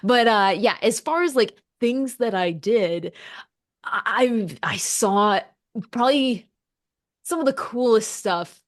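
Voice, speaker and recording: Excited, laughing woman telling stories. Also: fairly high pitch, slow. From United States. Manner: excited, laughing, animated storytelling with quoted voices. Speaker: podcast guest, meteorologist. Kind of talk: casual conversation.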